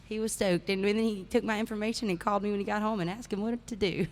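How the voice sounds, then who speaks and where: Lively laughing woman chatting outdoors. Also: mid-range voice, fast. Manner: animated, laughing, chanting cheers. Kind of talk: casual chat.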